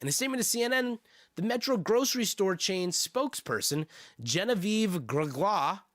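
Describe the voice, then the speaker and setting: A man's voice: sits high, lively intonation, moderate pace, fairly bright tone, no echo, clean studio sound. A man streaming casually, reading news aloud with sardonic, profane asides and laughs.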